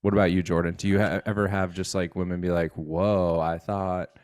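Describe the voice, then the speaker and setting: A man's voice: low-pitched, fairly quick, no room sound, clean studio sound. A man co-hosting a casual podcast chat, telling stories and acting out the voices of the people in them. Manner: animated storyteller who acts out quoted voices. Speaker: podcast co-host.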